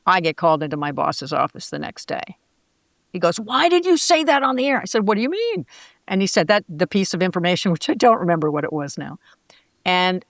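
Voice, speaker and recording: Older woman telling lively stories, dry sound. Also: on the low side, no room sound. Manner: lively anecdotes, acts out quoted voices. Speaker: guest, former sportscaster. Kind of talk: casual interview storytelling.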